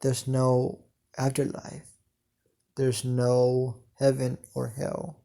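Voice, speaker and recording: A man narrating an improvised fan story, halting and full of hesitations. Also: medium pitch, monotone, vocal fry, mellow.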